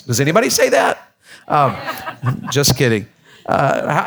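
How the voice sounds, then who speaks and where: Man, high voice, folksy preacher who jokes with his flock and repeats himself. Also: very animated, unhurried, vocal fry, long pauses, fairly bright tone. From Tennessee, USA. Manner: folksy, joking with congregation, repeats words. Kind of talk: sermon.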